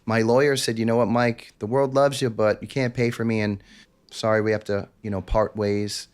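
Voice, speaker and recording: A man's voice: on the low side, flat delivery, moderate pace, clean tone. Intense New man telling his story. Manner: intense, confessional, acts out quotes. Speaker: podcast guest. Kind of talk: candid interview storytelling.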